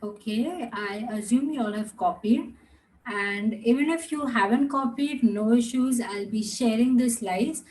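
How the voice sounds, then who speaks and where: High-voiced woman teacher drawing out words. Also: a little mellow, poor audio. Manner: patient, repeats words slowly and stretches tones; mixes in another language. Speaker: language teacher. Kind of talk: online class lecture.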